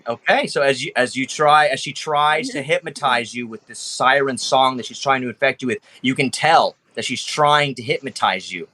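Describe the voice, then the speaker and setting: Bright-voiced man running a tabletop game. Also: medium pitch, moderate pace, hardly any pauses. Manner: casual, rambling with restarts. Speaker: game master.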